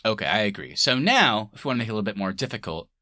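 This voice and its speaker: Podcast co-host, male, bright lively voice, dry close mic, loose and laughing. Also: fairly low pitch, rapid-fire, no echo. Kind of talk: casual movie-review chat.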